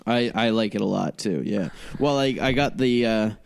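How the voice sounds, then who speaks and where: A man's voice: fairly low pitch, moderate pace, vocal fry, smooth, no room sound. A male podcast co-host in casual chat, wry and mildly exasperated.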